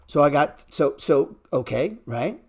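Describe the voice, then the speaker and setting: This stock market host works without a script, a little slow, with lively intonation and a breathy edge to his voice. Profane and blunt, he repeats phrases for emphasis and alternates between loud bursts and quiet mutters.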